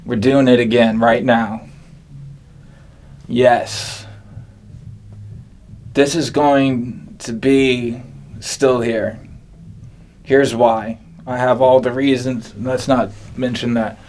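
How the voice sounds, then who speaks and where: A man hosting an absurd comedy monologue, rambling and deadpan. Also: medium pitch, very slow, pauses often. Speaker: comedian host.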